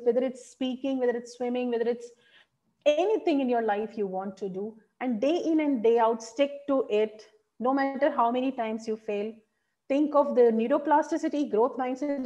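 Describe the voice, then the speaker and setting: A woman teaching public speaking in an online workshop, animated and encouraging, asking her audience questions. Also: high voice, muffled recording.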